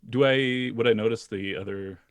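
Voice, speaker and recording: A man's voice: mid-range voice, normal speed, no room sound. A man playing a tabletop game, speaking hesitantly with many fillers. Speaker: player. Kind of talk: casual tabletop game play.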